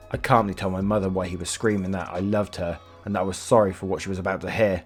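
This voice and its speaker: A man's voice: low voice, steady tone, quick pace, hardly any pauses, husky, faint music behind. A man reading Reddit stories aloud, casual and chatty, swearing freely and reacting to the story. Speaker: narrator.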